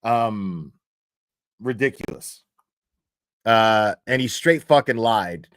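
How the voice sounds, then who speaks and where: A man's voice: fairly low pitch, takes it slowly, dry recording, studio quality. A man hosting a livestream, talking casually in a profane, mocking rant. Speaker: streamer host.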